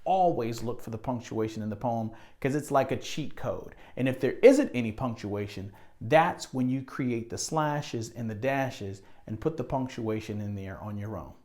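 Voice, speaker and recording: A man's voice: mid-range voice, a little mellow. Friendly man coaching poetry recitation. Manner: friendly, encouraging, explains step by step; slows and lifts his voice when reciting poem lines. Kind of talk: instructional video narration.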